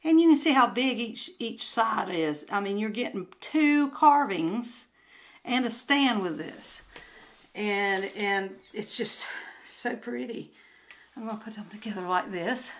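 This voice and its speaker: Older woman with a Southern drawl, rambly unboxing chat on a handheld phone, easy unhurried pace. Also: mid-range voice, expressive, slight background noise, low-quality recording. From Southern United States. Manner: rambling, chatty, often trails into soft murmurs. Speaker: crafts vlogger and booth vendor. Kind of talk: casual unboxing chat to camera. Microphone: handheld phone camera.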